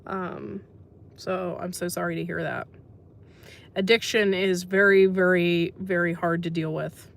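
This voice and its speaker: An American woman hosts a casual livestream, reading viewers' comments aloud and chatting with them in a sympathetic way, dropping lots of ums. Her voice is lowish and fairly even in intonation, a little slow, with some vocal fry.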